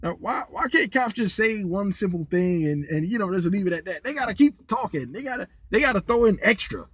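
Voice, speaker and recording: A man with a slightly raised voice rambles through a casual vlog monologue and keeps restarting and repeating his words. He sounds lively and incredulous when he tells his stories. The recording is close and completely dry. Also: high-pitched, brisk, slightly rough, no echo. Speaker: vlogger, former rideshare driver.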